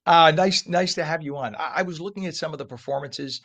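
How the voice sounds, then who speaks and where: A man hosting a live morning show, reading traffic and chatting with a guest in a lively, chatty way, with a frog in his throat. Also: a little high, a little fast, creaky. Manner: lively, chatty, apologetic asides. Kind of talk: live traffic report and interview.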